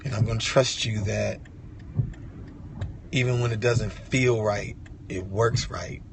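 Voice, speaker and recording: A man's voice: on the low side, fairly even intonation, slow pace, vocal fry, background noise. A man sharing an impassioned devotional message from inside a vehicle, fervent and repetitive, with casual slang. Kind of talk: impassioned devotional vlog talk.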